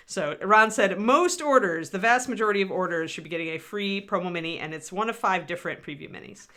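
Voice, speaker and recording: A middle-aged woman talks loosely on a livestream, drifting from topic to topic and reading out chat messages as she goes. Her voice sounds bright and a little sharp, at an ordinary middle pitch. The delivery stays casual and chatty. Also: a little fast. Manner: chatty, rambling, answers chat. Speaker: livestream host painting miniatures.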